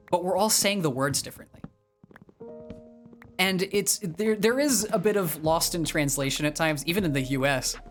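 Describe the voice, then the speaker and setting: A man's voice: high-pitched, fairly bright tone. A young man from the northeastern US, chatting casually on his livestream and rambling, with many fillers and restarts. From northeastern US, near Boston. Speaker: streamer.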